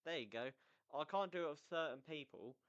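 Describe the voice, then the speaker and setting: Young man, smooth resonant voice, slightly muffled lo-fi mic, close-miked, rambling casual chat, self-mocking. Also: fairly high pitch, animated, brisk, a bit bright. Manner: rambling and self-mocking, trips over words. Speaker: football podcast host.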